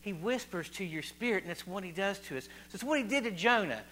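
Virginia guy preaching casual, high voice, keeps asking the crowd stuff and repeating himself. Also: lively intonation, fast talker, bright, forceful tone. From West Virginia. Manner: chatty, quizzes the audience, repeats phrases. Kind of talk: informal sermon to a congregation.

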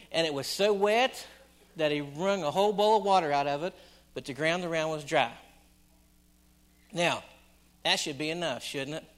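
A middle-aged man preaching a sermon, repeating phrases for emphasis and swinging between loud and hushed delivery. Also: a little high. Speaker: pastor.

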